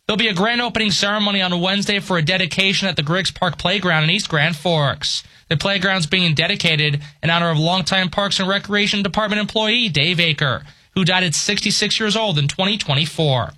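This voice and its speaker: A man reading a local radio news bulletin in a crisp, measured way. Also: high voice, sharp tone. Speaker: newscaster.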